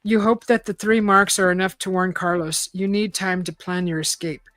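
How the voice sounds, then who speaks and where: A woman's voice: fairly low pitch, fairly even intonation, moderate pace, fairly bright tone, no room sound. A woman hosting a casual live-stream, reading a choose-your-own-adventure book aloud, chatting and laughing often.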